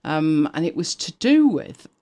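Chatty sarcastic British woman, lively voice. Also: low-pitched, measured pace. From United Kingdom. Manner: chatty and sarcastic, laughs often, thinks aloud while reading. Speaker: co-host of a live stream. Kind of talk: casual chat.

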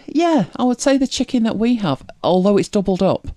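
Streamer, softened northern English accent, casual reaction chat, muses aloud, laughs often, mid pitch. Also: expressive, fairly quick. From northern England.

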